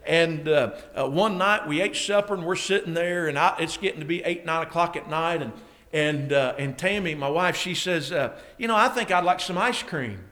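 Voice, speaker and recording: High bright-voiced preacher man. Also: moderate pace. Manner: storytelling, rising to shouting excitement. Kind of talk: sermon illustration story.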